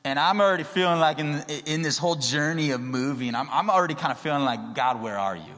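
A young adult man, a pastor, giving a sermon in a relaxed storytelling way that grows more animated at times. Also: a little high, fast, hardly any pauses. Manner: conversational storytelling, rising to excited emphasis. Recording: long reverb of a large hall.

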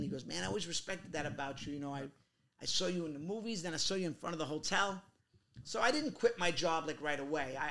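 A middle-aged man from Queens, telling animated stories in a casual interview and acting out other people's voices. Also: on the high side, slight background noise. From Queens, New York. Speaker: guest actor.

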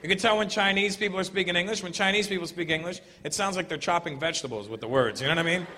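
A man doing a loud, animated stand-up comedy set, breaking into put-on voices between jokes. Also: high voice, very fast. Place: comedy club stage. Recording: roomy hall, noisy live crowd. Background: audience laughter.

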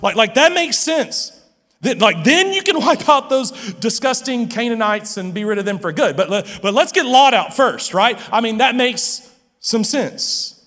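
A high-voiced male pastor delivering an animated sermon, full of stammers and restarts. His voice rings out with the long reverb of a big hall. He drives his points home with restless energy. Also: a little slow.

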